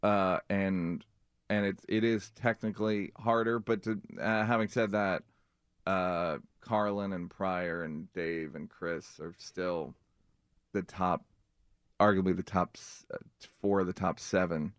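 This comedian, a man guesting on a relaxed radio chat show, spins animated stories, leaning on fillers and performing the quotes himself. He speaks at a measured pace in a low-pitched, clear, resonant voice. The recording is dry and clean, studio grade.

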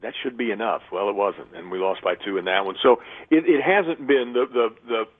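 A man's voice: fairly low pitch, animated, moderate pace. A man, a radio play-by-play announcer, talking through a phone-in radio interview in a chatty, thorough way, restarting often. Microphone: telephone. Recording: tinny phone line.

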